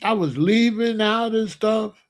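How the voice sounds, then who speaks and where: A man's voice: sits high, unhurried. A man hosting his own channel, telling a personal story in a casual, rambling, emphatic way. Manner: rambling, emphatic, breaks into laughs. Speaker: channel host.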